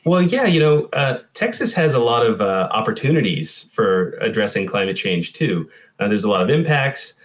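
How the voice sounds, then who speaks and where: A man's voice: on the low side, very animated, moderate pace, highs cut off. A man answering interview questions about the climate, thoughtful and hesitant with many fillers. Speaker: climate scientist guest. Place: Texas.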